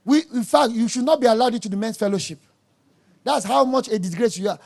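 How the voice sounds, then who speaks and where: A man's voice: extremely high pitch, lively intonation, quick pace, creaky. A man preaching a sermon, emphatic and scolding, repeating words for stress.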